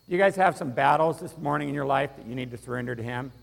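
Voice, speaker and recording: A man pastor preaching a lively sermon in a church, getting the congregation to repeat lines aloud. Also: mid-range voice, quick pace, vocal fry. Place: church sanctuary. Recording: reverberant hall.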